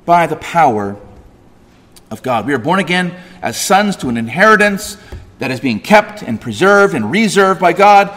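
A man preaching a sermon, swinging from loud emphatic peaks to soft quiet asides. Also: high voice, in a large hall. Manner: frequent fillers and restarts in asides. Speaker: pastor.

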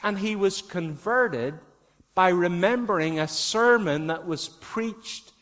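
A man's voice: high-pitched, slow pace, a bit bright. A man with a Northern Irish accent preaching a sermon, earnest and repeating key phrases for emphasis. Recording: long hall reverb.

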